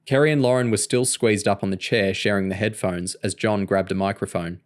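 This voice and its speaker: A man reading a novel aloud in an even, steady narration. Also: lowish voice, a little fast. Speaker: audiobook reader.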